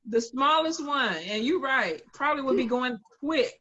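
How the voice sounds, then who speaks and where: With a high voice at normal speed, a female co-host acts out what others said while animatedly spinning stories in a relaxed conversation. The top frequencies of the audio are cut off.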